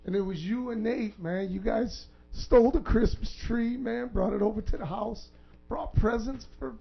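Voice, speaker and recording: High gravelly man reminiscing on radio. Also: normal speed. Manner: heartfelt, repeats "man" often. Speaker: radio show co-host. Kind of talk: casual reminiscing chat. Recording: dull lo-fi radio recording.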